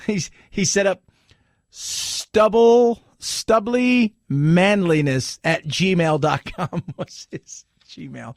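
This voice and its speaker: A man's voice: on the high side, vocal fry, no echo, studio quality. A man hosting a talk radio show, commenting animatedly and mockingly on the news. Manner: animated, mocking, jumps into exaggerated quoted voices.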